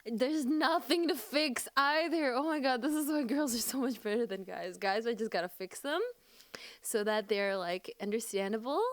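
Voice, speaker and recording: A young woman streaming live and reacting, excitable and gushing, swearing often. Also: on the high side, normal speed. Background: faint music.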